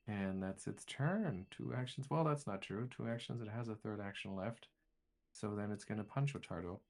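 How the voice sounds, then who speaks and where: A man with a low, gravelly voice runs a tabletop game as game master. He narrates turns casually and thinks aloud with restarts. His voice has a steady crackle of vocal fry. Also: moderate pace.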